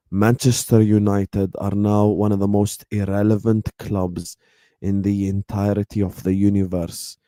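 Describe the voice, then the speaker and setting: A man hosting a football fan livestream, excitable and laughing as he trash-talks rivals and banters with chat. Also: fairly low pitch, dry recording, studio quality.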